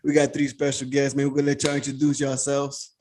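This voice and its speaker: A man's voice: mid-range voice, monotone, fast talker, a little mellow, a little hiss or hum. A man hosting a casual podcast who tells loose, profane stories with lots of restarts. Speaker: podcast host.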